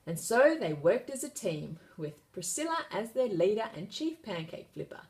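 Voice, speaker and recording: A woman reading a children's picture book aloud, narrating in a lively, expressive way. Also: medium pitch, moderate pace. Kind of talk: storybook read-aloud narration.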